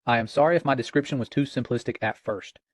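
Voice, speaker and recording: A man reading out the lines of an AI chatbot he calls a little demon, in a courteous, measured way. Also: medium pitch, no echo, lightly acted. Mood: polite. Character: polite male AI chatbot cast as demon.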